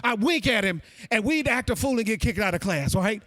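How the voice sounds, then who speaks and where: Brisk and high-voiced, the man runs through a conference keynote with plenty of energy, speaking directly to the crowd and addressing them as folks. The recording is dry.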